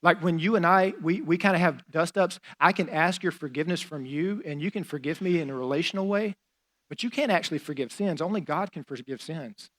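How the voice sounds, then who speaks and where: A man's voice: fairly high pitch, brisk, fairly bright tone. A man preaching a sermon as a pastor, in a conversational style with fillers and casual asides.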